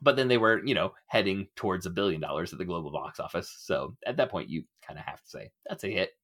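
A middle-aged man hosting a casual podcast discussion, animated and laughing often as he acts out quotes. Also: sits low, fast. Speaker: podcast host.

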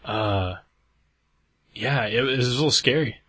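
A man with a husky voice telling stories in casual chat, acting out quotes and laughing often. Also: mid-range voice, a little slow, bright, forceful tone.

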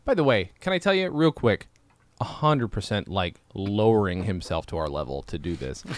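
Tipsy, lively man hosting. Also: fairly low pitch, normal speed, no echo. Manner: joking, swearing, laughing. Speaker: podcast host. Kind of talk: casual chat.

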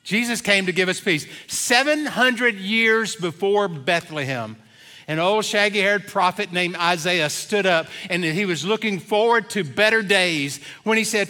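A middle-aged man preaching from the pulpit of a church, with a high, bright voice. He tells homey stories and jokes in an easy, rambling way, full of "uh"s, and speaks into a stage mic. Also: measured pace. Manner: folksy storytelling with many fillers. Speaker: pastor. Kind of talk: sermon. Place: church sanctuary.

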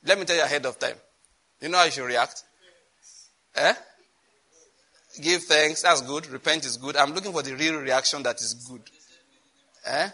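A man preaching a lively sermon, acting out dialogue and breaking into laughter. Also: medium pitch, unhurried, pauses often.

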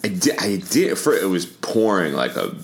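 A man's voice: low voice, very animated, moderate pace, slight background noise. A man co-hosting a podcast, chatting casually and telling a story through bursts of laughter. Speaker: podcast co-host. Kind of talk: casual chat.

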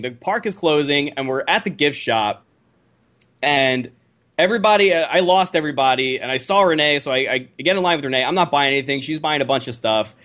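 Guy podcast host telling stories, kinda high voice, jokey, swears a lot. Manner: animated, swears freely, jokey. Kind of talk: casual chat, storytelling.

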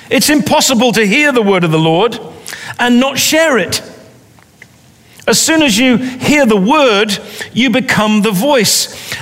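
A man preaching a sermon in a deliberate way, repeating phrases for emphasis. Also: very high voice, fairly bright tone, big-room sound.

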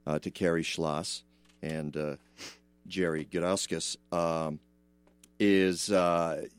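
A man's voice: low-pitched, little pitch movement, slow, clear, resonant tone. A man hosting a radio show from a studio, chatting casually and rambling, with plenty of filler.

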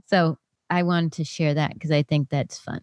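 A woman's voice: sits low, fairly even intonation, normal speed, darkish tone, no echo, clean studio sound. A woman co-hosting a podcast, chatting in a rambling, enthusiastic way with laughs. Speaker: podcast co-host. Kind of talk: casual chat.

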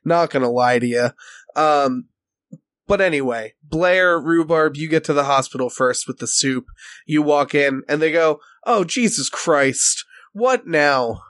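A man's voice: a little high, normal speed, fairly bright tone, no room sound. A man narrating as game master in a casual, playful way.

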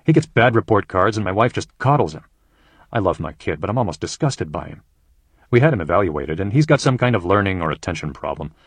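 In an audiobook, a man reads out a troubled middle-aged businessman dad with a husky, low voice, earnest and a little strained. the sound is dry and close, with no room around it. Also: big pitch swings, a little fast, no echo, full character voice. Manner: earnest quoted speech within a read-aloud story. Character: troubled middle-aged businessman father, brusque but softening. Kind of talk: audiobook narration.

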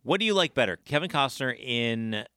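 A man co-hosting a podcast in casual chat, animated and emphatic. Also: mid-range voice, normal speed, smooth. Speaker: podcast co-host.

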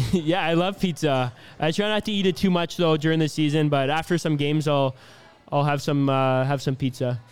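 A man in his twenties from Canada, answering interview questions in a relaxed, easygoing way with lots of fillers. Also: on the high side, normal speed, clean tone, faint music behind. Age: 20s. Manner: easygoing, laughs often, many fillers. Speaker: hockey player being interviewed.

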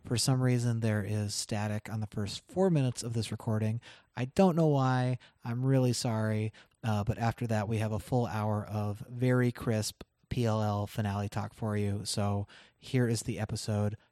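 A man's voice: lowish voice, steady tone, moderate pace, mellow, no echo. A man co-hosting a podcast, chatting casually with many fillers while recapping a TV episode. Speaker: podcast co-host.

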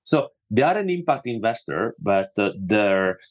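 A man's voice: fairly low pitch, big pitch swings, a little slow. A man hosting a podcast panel, talking with many fillers and restarts as he frames questions. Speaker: podcast host.

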